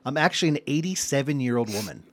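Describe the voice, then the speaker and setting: A man's voice: mid-range voice, animated, dry recording. A man in his sixties co-hosting a podcast, joking around and handing out nicknames in casual banter. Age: 60s. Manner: joking, playful, quick with nicknames. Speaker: podcast co-host.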